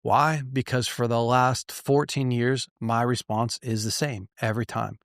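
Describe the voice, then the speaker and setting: A pastor in his thirties or forties speaks earnestly to his listeners at a mid-range pitch, posing rhetorical questions and restarting his sentences as he drives his points home. His voice can catch and sound choked. It is recorded close and dry, with no room sound. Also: little pitch movement, measured pace, no echo. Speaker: pastor and podcast host. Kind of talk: direct-to-listener podcast teaching.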